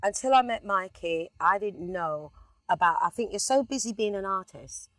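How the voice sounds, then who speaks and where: A middle-aged woman with a London accent, chatting as an interview guest inside a car, telling lively stories and breaking into snatches of song. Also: medium pitch, normal speed, no echo. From England. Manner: animated storyteller, sings snippets. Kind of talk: relaxed casual chat.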